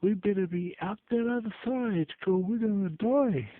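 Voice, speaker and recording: A man voicing his panicked uncle shouting urgent warnings on a tinny, phone-like recording. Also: high voice, moderate pace, pitched above the performer's own voice, close to an everyday voice.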